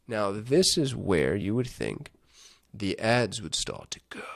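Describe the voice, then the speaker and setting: Gravelly man thinking aloud. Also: lowish voice, very animated, slow. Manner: thinks aloud, chatty asides. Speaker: digital marketing host. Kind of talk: casual screen-share walkthrough.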